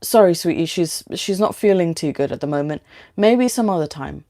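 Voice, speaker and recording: A woman voicing a caring young father in a storybook reading, soft and reassuring. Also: on the low side, animated, normal speed. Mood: gentle.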